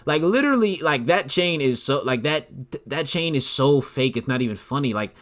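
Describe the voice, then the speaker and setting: A man hosting a solo commentary podcast, talking in an animated, incredulous way and filling his speech with "like". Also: a little high, moderate pace. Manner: animated, incredulous, leans heavily on "like". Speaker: podcast host.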